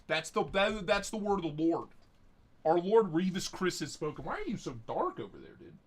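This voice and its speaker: Male live-stream host, casual chat, rambling jokey delivery, fairly high voice. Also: sing-song, normal speed. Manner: rambling, joking, profane. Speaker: livestream host.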